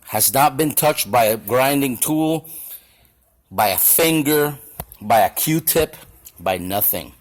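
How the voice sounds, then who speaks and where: A man's voice: medium pitch, expressive, slow pace, poor audio. A man working as a shop machinist gives an angry, blunt and profane demonstration to camera in his machine shop.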